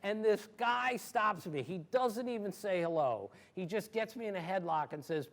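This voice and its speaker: A man in his sixties with a fairly high voice tells stories to an audience in an animated, emphatic way. He laughs easily and leans hard on key words. He is from Maryland. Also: normal speed, few pauses. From Maryland, USA. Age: 60s. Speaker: guest sportswriter. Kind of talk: storytelling in an audience Q&A.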